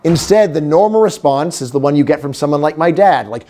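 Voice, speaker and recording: A middle-aged man giving a lively, humorous economics lecture. He acts out quotes and sometimes drops to a hush. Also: fairly high pitch, moderate pace. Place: lecture hall.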